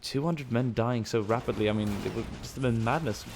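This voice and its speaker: A man's voice: medium pitch, brisk, noisy background. A man giving casual, rambling gameplay commentary, musing aloud and swearing now and then. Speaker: gaming channel host.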